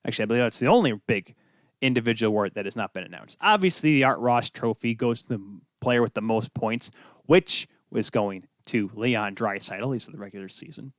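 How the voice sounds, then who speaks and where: A man's voice: medium pitch, lively intonation, fairly quick, no room sound, studio quality. A young man hosting a solo sports talk show, rambling off on tangents with self-deprecating asides, tired from little sleep. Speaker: podcast host.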